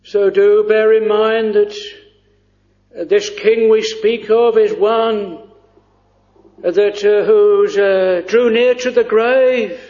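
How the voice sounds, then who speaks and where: A man preaching a sermon in an earnest, hesitant way with frequent pauses. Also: high voice, fairly even intonation. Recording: dull lo-fi recording.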